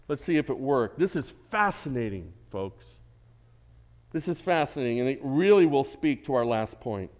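A man preaching a sermon as pastor, animated, with jokes and asides to the congregation. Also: fairly high pitch.

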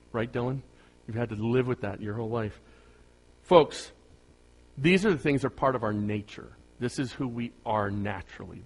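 A man's voice: mid-range voice, breathy edge. A middle-aged man preaching a conversational sermon, joking with the congregation and rising to emphatic bursts. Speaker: pastor.

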